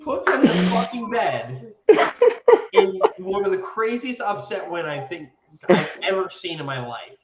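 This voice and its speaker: Man, podcast co-host, excitable storyteller, swears a lot, fairly high voice, echoey room. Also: measured pace, dull audio, crowd noise. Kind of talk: casual sports chat.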